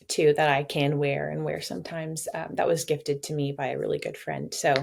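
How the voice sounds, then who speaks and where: A young woman with a notably low voice speaks candidly in an interview. She talks in an open, reflective way and sometimes lightens things with a laugh. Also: vocal fry, a little mellow. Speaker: patient sharing her story.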